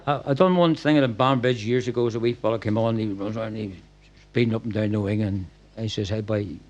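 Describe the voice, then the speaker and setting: A man's voice: lowish voice, steady tone, fast talker, darkish tone. Older Northern Irish man telling yarns. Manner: rambling anecdotes with stumbles and laughs. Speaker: guest, former football manager. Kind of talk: storytelling at a live podcast event. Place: packed function room.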